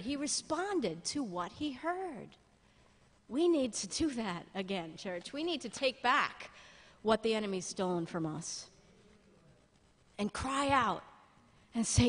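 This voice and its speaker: A woman pastor preaching a sermon in a church, lively and humorous, with asides to the congregation. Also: fairly high pitch, slow pace, pauses often, slightly rough, big-room sound. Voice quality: blind, jokes about herself.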